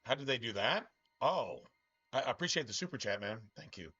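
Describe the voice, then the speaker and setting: A man's voice: mid-range voice, very animated, fairly quick, sharp tone, breathy edge, highs cut off, faint music behind. A middle-aged man chatting casually on a live game stream, rambling and profane, with strong opinions. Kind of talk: casual live-stream chat while gaming.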